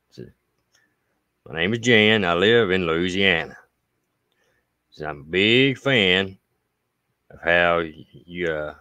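A man with an Appalachian accent and a smooth voice, hosting a casual livestream and reading viewer mail in a folksy way, with long drawn-out thanks. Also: low voice, bright, forceful tone, no room sound.

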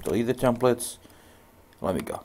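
A man's voice: mid-range voice, expressive, normal speed, darkish tone. Man teaching in a loose storytelling way. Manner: loose storytelling full of "you know" and "goes like". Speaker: networking instructor. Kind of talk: casual screen-share tutorial.

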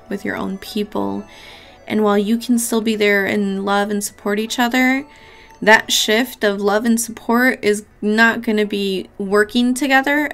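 A woman's voice: medium pitch, a bit bright. A woman giving a casual pick-a-card tarot reading, chatty and affectionate, with casual swearing. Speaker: tarot reader.

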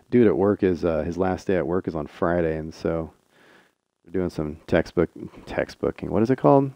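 Gravelly-voiced man streaming a tank game. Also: sits low, normal speed, dry recording. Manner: chatty, excitable, talks to teammates and chat. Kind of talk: live gameplay commentary.

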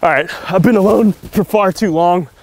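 A man's voice: high-pitched, normal speed, a little mellow. A man casually chatting to the camera in a van vlog in a playful, joking manner. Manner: playful, talks to his dog, sings goofily. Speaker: vlogger. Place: camper van in winter.

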